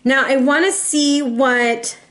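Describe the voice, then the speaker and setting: A woman with a fairly high voice gives a casual tarot reading, chatting with her viewers and calling them y'all. Her delivery is loose and animated, and she drops in the odd Spanish word. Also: slow pace. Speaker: tarot reader.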